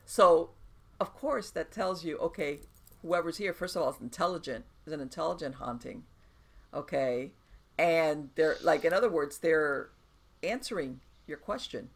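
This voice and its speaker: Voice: mid-range voice, moderate pace. A podcast host who explains hauntings in an emphatic way, with many restarts and asides. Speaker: podcast host and paranormal expert. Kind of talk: casual podcast conversation.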